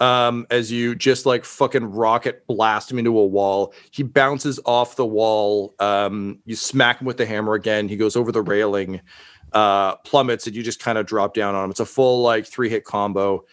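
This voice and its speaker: A man's voice: fairly low pitch, steady tone, moderate pace. A man narrating as game master of a tabletop game, casual and profane, laughing often with many fillers.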